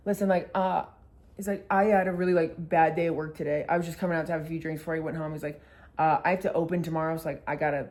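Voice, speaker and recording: A woman's voice: lowish voice, darkish tone. Chatty young woman telling a story. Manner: chatty, swears a lot, acts out quotes. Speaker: vlogger. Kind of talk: casual storytelling.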